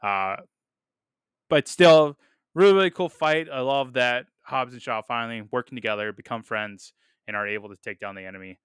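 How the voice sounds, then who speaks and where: A man's voice: mid-range voice, moderate pace, fairly bright tone, clean tone, dry recording, clean studio sound. A man talking through a film review on his podcast, upbeat and casual, with lots of fillers and repeated words. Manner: enthusiastic, many fillers, repeats "really, really"; laughs at quotes he reads.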